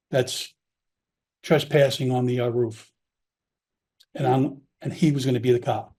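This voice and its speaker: A man's voice: mid-range voice, mellow. Candid New man telling stories. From Long Island, New York. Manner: candid, rambling, with frequent restarts and quoted dialogue. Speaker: podcast guest, former police officer. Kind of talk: casual storytelling.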